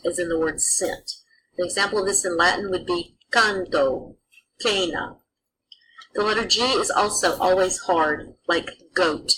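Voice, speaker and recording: A woman's voice: fairly low pitch, a bit bright, slight background noise, low-quality recording. A woman teaching a pronunciation lesson, carefully sounding out letters and example words.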